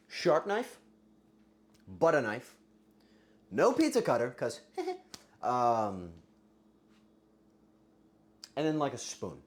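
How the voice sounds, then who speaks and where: Crude streamer voice going a bit hoarse, swoops all over, yells now and then at chat. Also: mid-range voice. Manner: crude, joking, bursts into yelling. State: voice getting hoarse. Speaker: livestreamer. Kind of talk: casual livestream chat with viewers.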